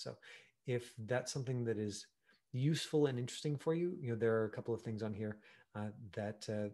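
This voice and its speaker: Acting coach, male, mid-pitch, loose conversational teaching with playful acted asides. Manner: chatty, animated, full of fillers and acted-out examples. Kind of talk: online acting class.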